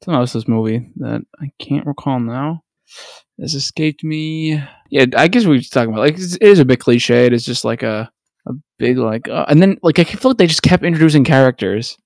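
A man co-hosting a podcast, telling stories in relaxed casual chat with many fillers. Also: mid-range voice, a little fast, creaky, no room sound, studio quality. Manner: relaxed, storytelling, hesitant fillers. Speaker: podcast co-host.

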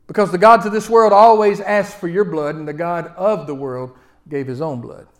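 A man preaching a sermon, telling the story with lively swings between loud outbursts and quiet asides. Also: sits high, moderate pace.

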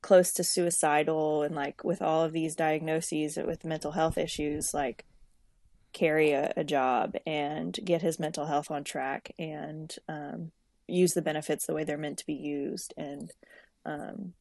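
Low-voiced woman telling a work story. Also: level tone, a little slow, vocal fry, darkish tone, dry recording, studio quality. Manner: storytelling with many fillers and restarts. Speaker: podcast co-host, social worker. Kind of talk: casual podcast chat.

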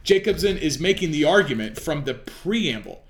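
A man lectures on law with a fairly high voice that swings up and down with lively emphasis. He talks like a preacher, driving points home and asking rhetorical questions. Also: normal speed. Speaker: legal commentator. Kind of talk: explanatory talk on law.

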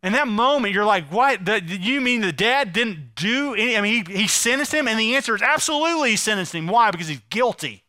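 A man preaching with a bright, high voice, recorded close and dry. He tells a story as he preaches, often dropping to a soft, hushed tone for tender moments. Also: animated, a little fast, few pauses, dry recording. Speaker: pastor. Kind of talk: sermon.

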